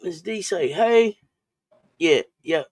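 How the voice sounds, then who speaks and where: A woman's voice: lowish voice, expressive, takes it slowly, darkish tone. A woman leads a laid-back sports chat on a live stream, speaking loosely and circling back over her own words. Her voice is close and dry, with no room echo. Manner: loose and chatty, repeats and restarts phrases, greets viewers in chat.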